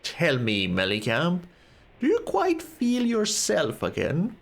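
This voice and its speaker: A man's voice: on the high side, huge pitch swings, slow, gravelly, voice pushed up, full character voice. A man voicing a grave, weary old wizard. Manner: formal, grave old-fashioned speech. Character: stern old male wizard, weary and cautioning.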